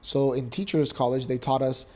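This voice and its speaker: Earnest and animated, a Canadian man in his thirties relates a personal, emotional story as a podcast co-host. His voice is mid-range and his pace moderate.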